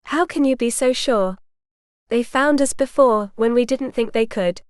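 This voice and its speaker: A woman voicing a weary young noblewoman on the run, speaking softly and earnestly in a smooth voice. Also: fairly high pitch, a little slow, no room sound, studio quality, close to an everyday voice.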